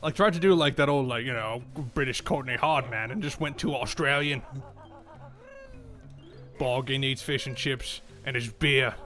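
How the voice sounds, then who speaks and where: A man's voice: medium pitch, normal speed, a bit bright, faint music behind. A young man casually commenting on a video game he is playing, joking and swearing freely, and reading the characters' lines in silly voices. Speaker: game streamer.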